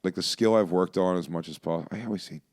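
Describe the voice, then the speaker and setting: Deep-voiced man telling road stories. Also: quick pace. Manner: rambling, animated storyteller with restarts. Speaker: comedian guest. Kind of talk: casual podcast chat.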